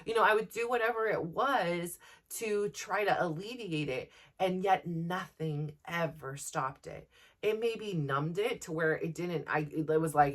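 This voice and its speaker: A woman's voice: lowish voice, unhurried. Candid, chatty woman podcast host. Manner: candid and animated, with many fillers and self-quotes. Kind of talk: personal reflective talk.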